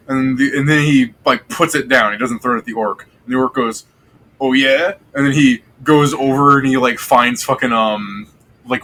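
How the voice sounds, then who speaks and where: A man with a bright, forceful voice runs a tabletop game session. He rambles loosely through the scene, cursing casually, with faint noise underneath. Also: medium pitch, poor audio. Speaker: game master.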